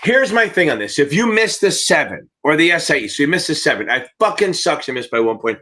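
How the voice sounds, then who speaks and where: A man's voice: a little high, big pitch swings, a little fast, bright, forceful tone. A man hosting a live exam-prep Q&A, giving blunt, profane, fired-up coaching in a casual livestream way.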